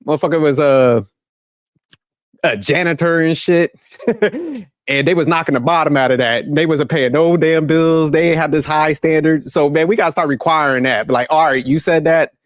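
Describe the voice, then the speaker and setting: A man's voice: on the high side, normal speed, no room sound, studio quality. A man hosting a reaction commentary, ranting bluntly in profane street slang. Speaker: commentary channel host.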